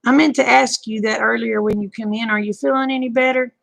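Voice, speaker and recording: A woman's voice: a little high, fairly even intonation, fairly quick, vocal fry, dry recording. An older woman, hosting a casual late-night chat and calling viewers honey and babe. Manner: folksy, calls people honey and babe. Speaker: live stream host.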